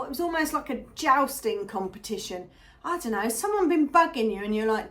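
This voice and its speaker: A woman giving a chatty, animated tarot reading, often checking in with the listener. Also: fairly high pitch, brisk. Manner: chatty, animated, keeps asking "yeah?". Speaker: tarot reader.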